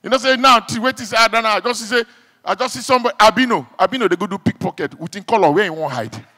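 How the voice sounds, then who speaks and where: A male stand-up comedian with a Nigerian Pidgin accent, telling stories in an animated way, shouting sound effects and acting out the people in them. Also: high voice, racing, in a large hall.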